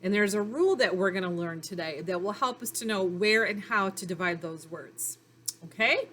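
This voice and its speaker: A woman teaching young children phonics in a recorded lesson, speaking slowly and clearly in an encouraging way. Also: mid-range voice, expressive, fairly bright tone.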